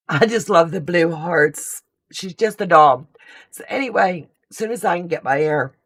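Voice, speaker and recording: A woman with a low, deep voice hosts a live stream in casual chat. She talks at an unhurried, slow pace. She is gushing and effusive, reading out viewer comments as they come in. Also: fairly bright tone. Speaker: host of a live sewing stream.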